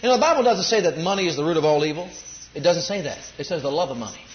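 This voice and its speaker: A male pastor preaching a sermon, swinging between loud shouted lines and low, quiet asides. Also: animated, very fast, reverberant, highs cut off, slight background noise.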